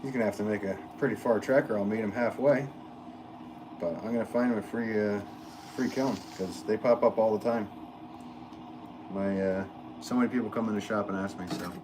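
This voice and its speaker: This middle-aged man's voice is fairly low, and he talks a little fast while pausing often. Chatting casually on his pottery livestream from the studio, he rambles, reads out viewer comments, and fills his speech with fillers and false starts against a constant background hum.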